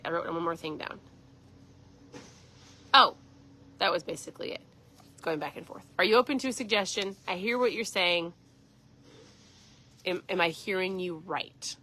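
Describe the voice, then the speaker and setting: A woman's voice: medium pitch, bright, forceful tone. A middle-aged woman hosting a casual livestream, chatty and enthusiastic, acting out bits of dialogue as she talks. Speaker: host.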